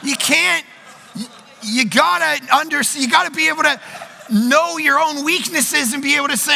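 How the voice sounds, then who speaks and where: A man preaching at a conference in a large hall, telling quick, joking, self-deprecating stories. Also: very high-pitched, gravelly, bright, forceful tone. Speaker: pastor. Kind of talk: conference sermon. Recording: long hall reverb.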